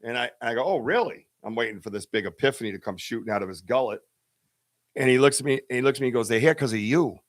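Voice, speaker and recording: Rapid-fire and fairly even in intonation, this mid-range male voice belongs to a podcast host telling a live-stream story. He rambles casually, often using fillers and starting over.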